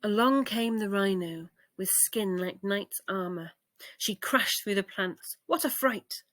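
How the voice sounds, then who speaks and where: Woman reading a kids bedtime story, nice and slow, bright voice. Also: mid-range voice, dry recording. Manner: gentle, expressive read-aloud.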